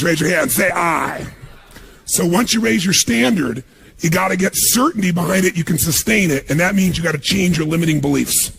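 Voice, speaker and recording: A man giving a motivational seminar talk on stage, energetic and punchy, firing questions at a live audience. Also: high-pitched, gravelly, a little hiss or hum. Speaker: motivational speaker.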